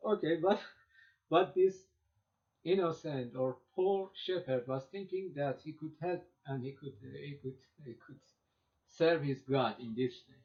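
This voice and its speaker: A man lecturing on classical poetry, reading lines quickly and then translating them into halting English with many repeated words. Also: a little high. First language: Persian. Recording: dull lo-fi recording.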